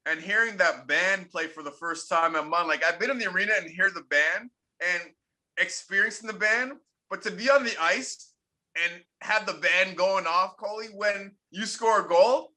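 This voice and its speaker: This man in his forties, once a pro hockey player in Canada, has a high, bright, forceful voice at normal speed. Telling candid stories in an interview, he's emphatic and says things again for effect.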